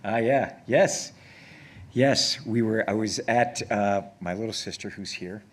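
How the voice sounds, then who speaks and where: A man guest on stage, telling long rambling anecdotes with many restarts and growing excited as he goes. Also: fairly low pitch, unhurried. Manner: grows excited and laughs when telling stories. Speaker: actor guest. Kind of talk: casual on-stage conversation. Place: on stage before an audience.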